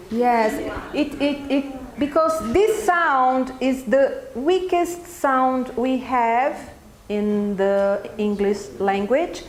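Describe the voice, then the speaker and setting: Slow Brazilian woman teaching teachers. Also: fairly high pitch. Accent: Brazilian Portuguese. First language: Portuguese. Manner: keeps checking in with "okay?" after each point. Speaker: teacher trainer presenting a workshop. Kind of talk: live workshop talk to teachers. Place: event room with an audience. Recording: echoey room with faint background noise.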